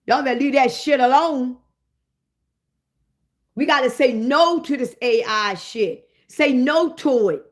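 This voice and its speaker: A woman in a comedic rant, swearing freely and calling out to her listeners. Her voice sits high, and her delivery is animated. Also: measured pace, pauses often. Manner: profane, animated, addressing listeners directly. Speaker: host.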